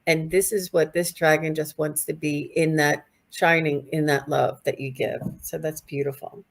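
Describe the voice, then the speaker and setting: A woman doing a live spiritual reading in an unhurried, halting way. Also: deep voice, little pitch movement, gravelly. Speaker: psychic reader.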